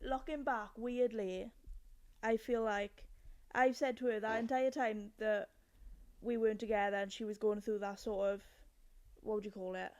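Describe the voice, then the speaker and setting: A woman's voice: mid-range voice, normal speed. A woman on a podcast, telling a story in casual chat and acting out the quotes. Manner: lively storytelling, acts out quotes.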